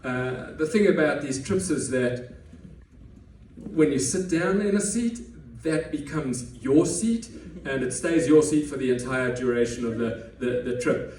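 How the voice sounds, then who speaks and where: A man's voice: mid-range voice, unhurried, darkish tone, slight background noise. Man telling a story on stage, echoey. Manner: conversational, self-deprecating, frequent restarts. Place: stage before a live audience. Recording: echoey room, heard from a distance, faint ambience.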